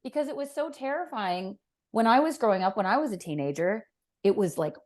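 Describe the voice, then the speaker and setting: Woman in her fifties, podcast guest; emphatic, blunt, swears freely, mid-range pitch. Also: animated, brisk, a little mellow. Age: 50s. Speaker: podcast guest, fitness professional. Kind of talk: casual interview chat.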